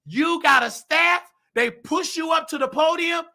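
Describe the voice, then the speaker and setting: A nursing aide who hosts a show delivers a ranting commentary in a very high, bright, sharp-edged male voice gone hoarse from shouting. He's heated and indignant, unhurried yet erupting into shouts, and seems to be losing his voice.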